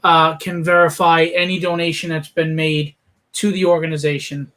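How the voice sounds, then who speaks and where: High-voiced man pitching a charity auction. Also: moderate pace. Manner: energetic, persuasive, frequent fillers. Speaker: auction host.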